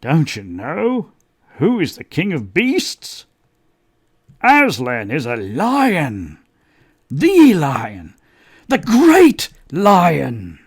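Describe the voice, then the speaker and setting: A man's voice: on the high side, wildly swooping pitch, very slow, long pauses, slightly rough, full character voice. A man voicing a jovial, hearty male talking beaver that speaks emphatically and laughs often. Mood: emphatic.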